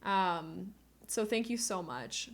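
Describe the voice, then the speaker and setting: A woman streamer chats casually with her viewers at home through a cheap desk microphone, gushing and emotional, close to tears and laughing often. Her medium-pitched voice has lively intonation, and she speaks slowly.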